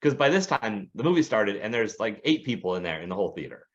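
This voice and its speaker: A man's voice: lowish voice, fast talker, lo-fi sound. A man co-hosting a podcast, telling a story in casual chat and acting out the voices of people he quotes. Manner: animated, acts out quoted voices. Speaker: podcast co-host.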